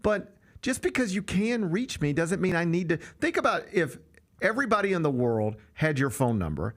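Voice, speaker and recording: This man's voice sits on the high side, sing-song and at a normal speed, as he hosts a sports talk show. His casual radio chat is full of strong opinions, and he performs quotes with large vocal swings.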